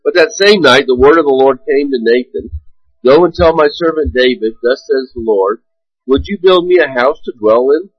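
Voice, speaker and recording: A man's voice: medium pitch, slightly rough, no echo, dull audio. A man preaching a sermon, reading scripture aloud and then teaching with frequent fillers and restarts. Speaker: pastor.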